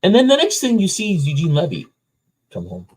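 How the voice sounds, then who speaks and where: A man's voice: high voice, wildly swooping pitch, a little fast, slightly rough, poor audio. A man co-hosting a casual movie review podcast, sharing trivia and laughing often. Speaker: podcast co-host.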